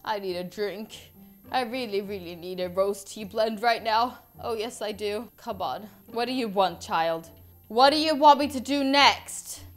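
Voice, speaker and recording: Speaking a little slowly in a mid-range voice, a woman role-plays a fed-up mom who's been turned into a monster. The gaming YouTuber is dramatic and exasperated, repeating herself frequently over soft background music.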